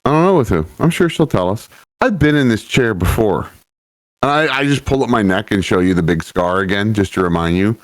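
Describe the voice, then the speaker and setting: A man's voice: fairly low pitch, animated, brisk, no room sound. A man playing a tabletop game, talking in a blunt, matter-of-fact way. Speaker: player. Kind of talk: tabletop role-play.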